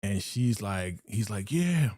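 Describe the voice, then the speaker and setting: A man hosts a live reaction stream in a lively, talkative way, with a mid-range voice. He laughs often and loops back on his own phrases as he recaps. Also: mid-range voice, unhurried, no room sound, studio quality. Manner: animated, laughing, chatty, repeats himself.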